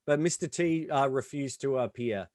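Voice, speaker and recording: A man's voice: medium pitch, normal speed, darkish tone, no room sound, studio quality. A man co-hosting a podcast, speaking casually with hesitant, filler-filled phrasing and easy agreement. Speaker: podcast co-host. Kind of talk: casual chat.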